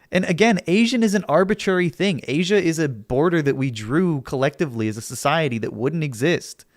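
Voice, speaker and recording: A man's voice: a little high, animated, moderate pace, dry recording, studio quality. A young man streaming, arguing with his chat in a sarcastic, argumentative way and laughing often. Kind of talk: casual livestream chat.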